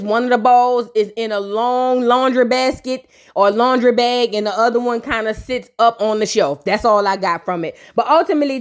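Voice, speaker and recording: A woman giving casual, sassy and profane reaction commentary on a reality show, acting out the cast's lines as she retells them. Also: fairly high pitch. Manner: sassy, profane, animated retelling with quoted voices. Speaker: reality TV recap host.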